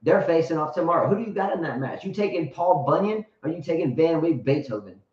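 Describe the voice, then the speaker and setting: A man's voice: on the high side, expressive, fast talker, a little mellow. A man hosting a casual live show, rambling, joking and blunt, with crude humor. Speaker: show host and tennis coach. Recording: roomy, distant, dull sound.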